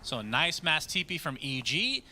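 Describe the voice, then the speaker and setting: A man doing live play-by-play commentary on an esports match, speeding up and rising with excitement on the big plays. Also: on the high side, moderate pace, a little hiss or hum.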